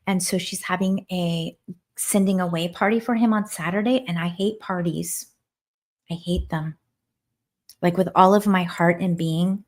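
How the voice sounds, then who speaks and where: A woman in her forties hosting a casual livestream from home, chatting in a heartfelt way and answering viewer comments. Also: on the low side. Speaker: livestream host. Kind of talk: casual live-stream chat.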